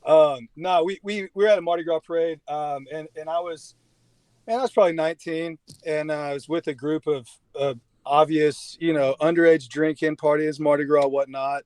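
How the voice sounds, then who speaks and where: A young man from Louisiana, a podcast guest telling a story in a measured, halting way with restarts. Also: fairly high pitch, steady tone, a little mellow, smooth, no room sound. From Shreveport, Louisiana, US. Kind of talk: casual podcast chat.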